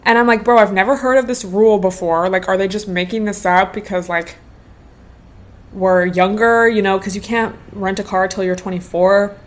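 A woman's voice: medium pitch, normal speed. A woman in her twenties hosting a podcast, telling a casual storytime with lots of slang and swearing. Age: 20s. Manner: slangy, animated, swears freely. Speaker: podcast host.

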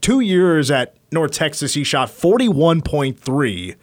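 A man's voice: a little high, big pitch swings, takes it slowly. A male sports radio host giving an emphatic player breakdown with stats. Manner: hyped, emphatic stat-driven player breakdown.

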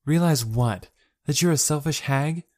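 A man's voice: fairly high pitch, a little slow, a little mellow, pitched above the performer's own voice, natural voice. Man voicing Sho, an icy young woman. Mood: cold. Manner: curt, icy retorts. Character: sharp-tongued young woman student, cold and blunt.

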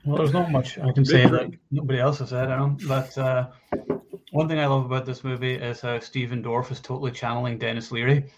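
A man's voice: medium pitch, level tone, a little fast, muffled recording, noisy background. A man in a casual movie discussion, easygoing with frequent fillers. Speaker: podcast panelist.

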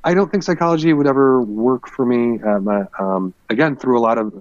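A former MMA fighter talking candidly in a casual podcast conversation, rambling through stories with many fillers. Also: male voice, mid-range voice, fairly quick, darkish tone, no room sound, highs cut off.

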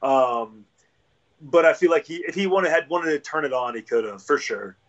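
A man's voice: on the high side, animated, moderate pace, fairly bright tone, lo-fi sound. A young man, a podcast guest, chatting in an easygoing, self-deprecating way with plenty of filler words. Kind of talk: casual chat.

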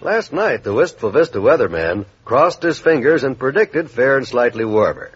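A man's voice: medium pitch, sing-song, normal speed. A male announcer introducing a 1940s radio comedy in a formal announcing style. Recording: lo-fi old radio transcription with loud music.

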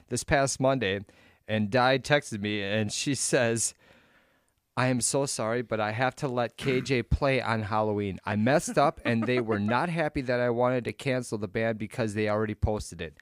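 A man's voice: medium pitch, normal speed, smooth, no room sound. Rambling man telling stories, dry mic. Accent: Upper Midwest American. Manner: rambling storytelling with many fillers, acts out quotes. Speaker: podcast co-host and DJ. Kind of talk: casual chat.

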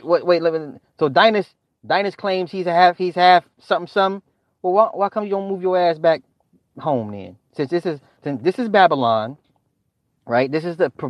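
A middle-aged man with a rather high-pitched voice delivers a profane livestream rant, animated and exasperated, laughing often between outbursts. His voice is close and dry on the mic with no room sound, and the audio is a bit dull, like a modest lo-fi setup.

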